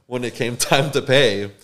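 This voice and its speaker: A man's voice: medium pitch, vocal fry. Young man telling a shop story. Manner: animated, acts out the people in his story. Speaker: tattoo artist, podcast co-host. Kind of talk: casual storytelling.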